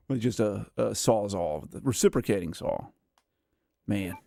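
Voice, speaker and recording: A man's voice: on the low side, vocal fry, mellow, no echo, clean studio sound. A man hosting a casual gameplay livestream, rambling and self-mocking as he chats, tired and worn out. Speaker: gaming livestream host. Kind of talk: casual live gameplay chat.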